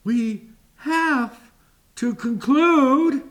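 Male preacher, high voice, emphatic and deliberate sermon delivery. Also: a bit bright.

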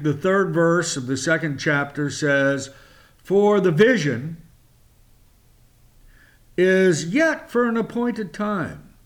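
A man hosting a Bible teaching show, speaking in a measured, emphatic way with long pauses and fillers. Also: high-pitched, a bit bright. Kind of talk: slow, deliberate Bible teaching.

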